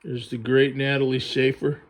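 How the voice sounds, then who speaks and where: A man's voice: medium pitch, little pitch movement, normal speed. A man reviewing a book on vintage TV in casual commentary, chatty and musing aloud as his thoughts drift. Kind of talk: casual commentary while paging through a book.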